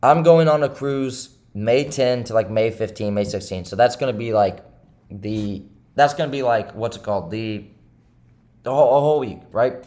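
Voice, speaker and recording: A man's voice: mid-range voice, normal speed, darkish tone. A young man vlogging about day trading, rambling and frustrated, repeating questions as he vents. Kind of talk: casual confessional monologue.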